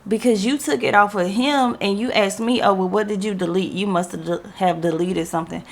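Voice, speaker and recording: Slangy woman telling a story, gravelly. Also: medium pitch, a little fast. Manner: animated, slangy, acts out quoted dialogue. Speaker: podcast host. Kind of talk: casual storytelling.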